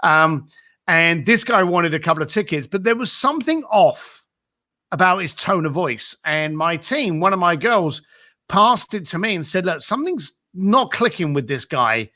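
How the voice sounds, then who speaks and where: A man's voice: sits high, expressive, moderate pace, pushed and bright. A man telling an anecdote as a podcast guest, acting out both sides of a phone call, with lots of fillers and repeated "I said.". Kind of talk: storytelling in a casual interview.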